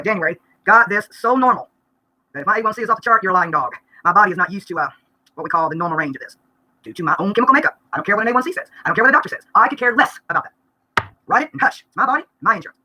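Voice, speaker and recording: A woman, venting bluntly and rapidly during a live-stream vlog, breaking into laughter now and then. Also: mid-range voice, lively intonation, sharp tone. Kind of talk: rambling live-stream rant.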